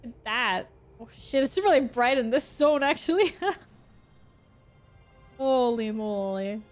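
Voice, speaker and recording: A woman's voice: high voice, animated, takes it slowly, darkish tone, soft background music. A woman streaming a game, chatting casually with her viewers, laughing often and swearing now and then. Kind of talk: casual gameplay commentary.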